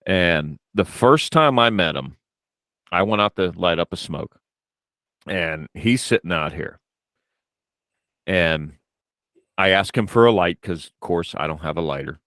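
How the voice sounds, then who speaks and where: An American man with a low voice that rises and falls a lot. He hosts a podcast and tells stories with a teasing, animated style. The sound is close and dry. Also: measured pace, pauses often, dry recording. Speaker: podcast host. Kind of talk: casual podcast chat.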